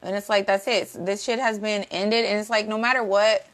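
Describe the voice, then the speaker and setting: A woman's voice: medium pitch, little pitch movement, a little fast, a bit bright. A woman giving a casual tarot reading, blunt and profane, repeating herself for emphasis and greeting viewers in the chat. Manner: talks to live chat viewers. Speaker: tarot reader.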